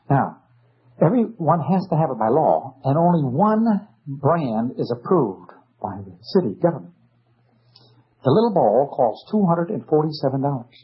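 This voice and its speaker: Husky guy lecturing, sarcastic and punchy, pitch jumps all over, muffled old tape. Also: sing-song, moderate pace. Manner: emphatic, sarcastic, rhetorical questions. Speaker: speaker. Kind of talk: political lecture.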